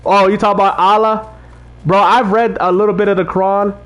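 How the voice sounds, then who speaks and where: High-voiced man preaching to his chat. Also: little pitch movement, brisk, fairly bright tone, clear, resonant tone. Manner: talks straight to chat, repeats himself, preachy street-evangelist talk. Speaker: livestream host reading chat. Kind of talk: casual livestream chat about faith.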